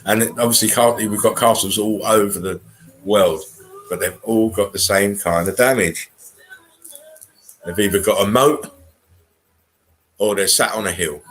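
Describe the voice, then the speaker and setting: A man's voice: fairly low pitch, a little slow, pauses often, fairly bright tone, poor audio. A man with an English accent talking casually and bluntly as a livestream host, rambling and swearing as he comments.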